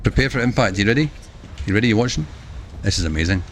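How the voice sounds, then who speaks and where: A man giving chatty live commentary while streaming a video game, breaking into excitable exclamations. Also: fairly low pitch, quick pace, slight background noise.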